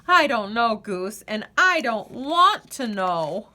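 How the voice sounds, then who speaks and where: A woman's voice: fairly high pitch, very animated, slow, pushed and bright, exaggerated voice. Woman doing a wary storybook duck. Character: cautious male duck dressed as a ghost.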